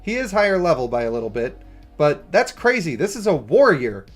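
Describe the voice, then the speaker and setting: A man's voice: a little high, big pitch swings, a little fast, soft background music. A man giving casual, joking livestream commentary on a mobile game and greeting viewers. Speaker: gaming streamer.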